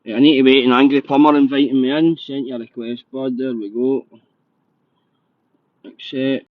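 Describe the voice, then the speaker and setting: A Scottish man hosting a live podcast in casual chat, excitable and a little nervous, swearing freely. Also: medium pitch, moderate pace, dry recording, phone-quality sound. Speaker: podcast host.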